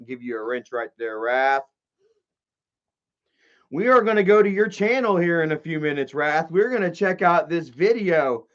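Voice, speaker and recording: On his own live stream, a man rambles casually to his viewers, loose and profane, with many fillers and asides. His fairly high, slightly bright voice has lively intonation at a normal pace, and the audio is dull lo-fi stream sound.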